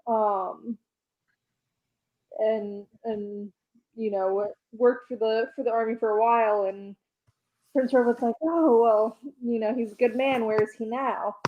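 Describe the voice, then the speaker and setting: A woman with a fairly high voice, chatting casually as a podcast co-host and recapping a comic issue. She keeps slipping into quick acted quotes of the characters and laughs between them. The audio is slightly muffled and lo-fi. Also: steady tone. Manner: retells scenes by quoting characters in quick voices, laughs often. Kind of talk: casual chat.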